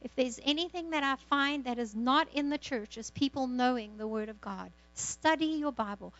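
A woman's voice: high voice, normal speed, fairly bright tone. Fervent woman pastor, lo-fi recording. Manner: fervent, repeats words, frequent amens. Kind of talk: church exhortation and prayer.

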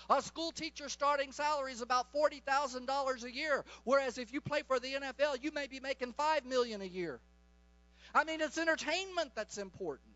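A middle-aged male preacher delivering a charismatic sermon in a high voice. His tone is bright and sharp, fervent and commanding. The recording sounds dull and lo-fi. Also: no room sound.

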